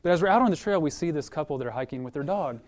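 Animated storytelling male pastor. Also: on the high side, very fast. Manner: animated storytelling, acts out quoted voices; conversational, repeats words as he restarts. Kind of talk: sermon with story and prayer.

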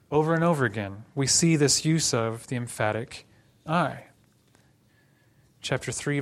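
A man from Oklahoma preaching a sermon in a conversational, teaching way with joking asides. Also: medium pitch.

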